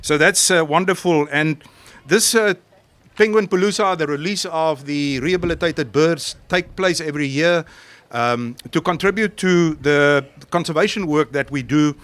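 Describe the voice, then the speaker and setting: A man giving a formal, halting welcome speech outdoors at a coastal colony through a handheld microphone. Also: on the high side, a bit bright. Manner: halting, formal, many pauses and restarts. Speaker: conservation official opening an event. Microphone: handheld microphone into a public address.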